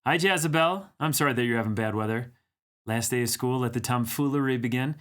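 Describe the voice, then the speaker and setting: A man's voice: medium pitch, fairly quick, fairly bright tone. A man hosting a livestream, chatting casually, greeting viewers and teasing them as he reads their comments aloud. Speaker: livestream host. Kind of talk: casual live-chat banter.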